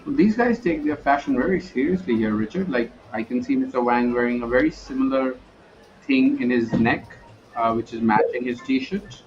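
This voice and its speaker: A man's voice: mid-range voice, moderate pace, slight background noise. Joking male poker commentator, muffled. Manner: playful, joking banter between hands. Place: commentary booth at a poker event.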